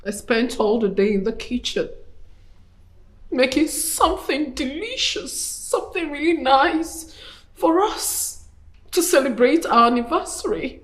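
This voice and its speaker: An actress playing a young wife, speaking with a Nigerian accent and crying out reproaches in a film drama. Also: female voice, high voice, lively intonation, unhurried. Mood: hurt. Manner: emotional, shouting reproaches. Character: young wife, hurt and indignant.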